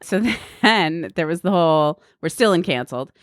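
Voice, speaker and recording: A woman co-hosting a comedy podcast, reading news headlines deadpan and laughing along. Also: low-pitched, normal speed, dry recording, clean studio sound. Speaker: podcast co-host. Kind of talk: casual comedic chat.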